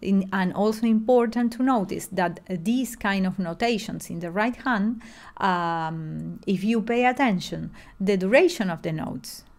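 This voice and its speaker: At a medium pitch and a slightly slow pace, a middle-aged woman teaches music online. She comes across as patient and explanatory, with lots of fillers and restarts.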